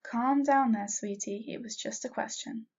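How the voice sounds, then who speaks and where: A woman's voice: on the high side, normal speed, breathy edge. A woman voicing a friendly, fond uncle who jokes lightly. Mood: teasing. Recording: dull lo-fi recording.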